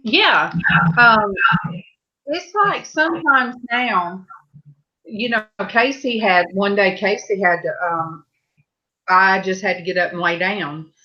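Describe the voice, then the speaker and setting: A woman hosting a live-stream panel, telling stories in a slow, halting, meandering way over a video call. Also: mid-range voice, pushed and bright, lo-fi sound. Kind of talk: casual chat on a live stream.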